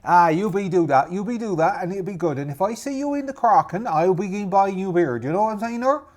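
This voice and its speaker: Gruff rival pirate leader put on by a man, raised voice, garbled pirate dialect, threatening. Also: high-pitched, animated, fast, darkish tone, pitched above the performer's own voice. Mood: gloating.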